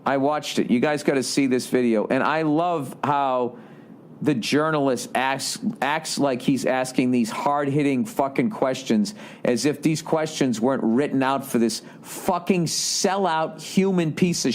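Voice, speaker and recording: A man hosting a podcast, ranting with heavy swearing and sarcasm and reading listener letters aloud. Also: medium pitch. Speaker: podcast host. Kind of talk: casual podcast monologue.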